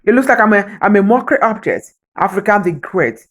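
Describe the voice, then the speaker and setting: Here a female vlogger pleads like a preacher, her mid-range voice brisk and full of lively intonation. Emotional, she repeats phrases for emphasis and tells listeners her heart is broken.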